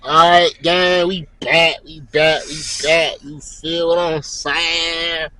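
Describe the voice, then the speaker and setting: A man's voice: fairly high pitch, slow, rough recording. A young man casually telling stories and chatting in a vlog, profane and full of slang. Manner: profane, animated slang-heavy talk. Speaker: vlogger.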